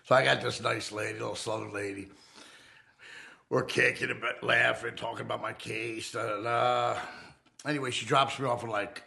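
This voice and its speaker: A middle-aged man telling his own story in a casual, animated and profane way, acting out the people in it. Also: medium pitch, moderate pace, vocal fry. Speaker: interviewee.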